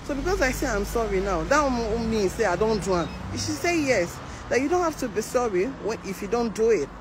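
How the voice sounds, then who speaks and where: A woman's voice: fairly high pitch, a little fast. Nigerian woman telling a story outdoors. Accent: Nigerian Pidgin English. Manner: animated, mimics voices in the story. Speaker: care worker telling her story. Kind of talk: casual storytelling monologue. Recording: outdoor traffic noise.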